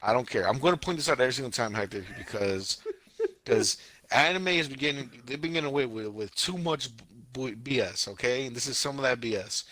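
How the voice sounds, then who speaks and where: A young man co-hosting a casual podcast, recounting a show with exasperated, animated energy and silly put-on voices for the scenes. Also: mid-range voice, brisk, dry recording. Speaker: anime podcast co-host. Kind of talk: casual podcast review chat.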